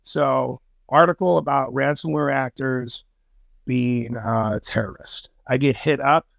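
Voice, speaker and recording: Man, podcast guest, very gravelly voice, dry close sound, slangy, swears, lots of ums. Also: medium pitch, fairly even intonation, measured pace, a bit bright, no echo. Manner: slangy and profane, many fillers and restarts. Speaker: podcast guest, intelligence analyst. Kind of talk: casual interview chat.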